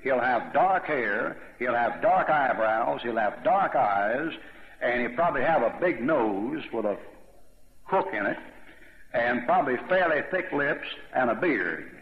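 Rambling preacher in an echoey hall. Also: male voice, medium pitch, lively intonation, a little slow, slight background noise. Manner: conversational, rambling asides, questions to the audience. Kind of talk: sermon, verse-by-verse Bible exposition. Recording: dull lo-fi recording in an echoey hall.

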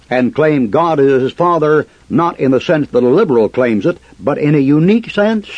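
A man's voice: a little high, darkish tone, no echo. Combative preacher man, muffled dry recording. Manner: combative, preaching with rhetorical questions. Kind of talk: fiery sermon.

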